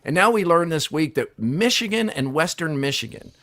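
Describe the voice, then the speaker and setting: A man hosting a casual sports talk show, easygoing and opinionated, trailing off quieter at the ends of sentences. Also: on the high side, lively intonation, normal speed.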